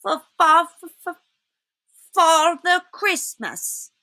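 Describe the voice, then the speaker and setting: Woman doing an old fox, polite, stammering, high-pitched, storybook. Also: lively intonation, unhurried, sharp tone, dry recording, studio quality, full character voice. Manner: stammering, deferential.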